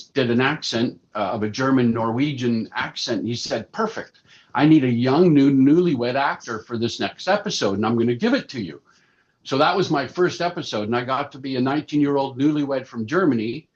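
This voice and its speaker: A man in his sixties, a puppeteer and actor, chatting through animated anecdotes as a podcast guest. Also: mid-range voice. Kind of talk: casual interview storytelling. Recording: slightly dull lo-fi sound.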